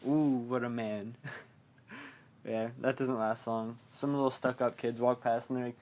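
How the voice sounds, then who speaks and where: A young man hosting a podcast, recapping a film in a rambling, casual way, full of fillers and quick mock quotes. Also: mid-range voice, flat delivery, a little mellow. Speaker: podcast host.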